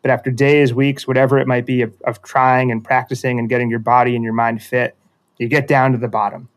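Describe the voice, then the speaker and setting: A man's voice: mid-range voice, flat delivery, fairly quick. A man telling a metaphorical story in a casual conversation, reflective and self-deprecating, often restarting sentences.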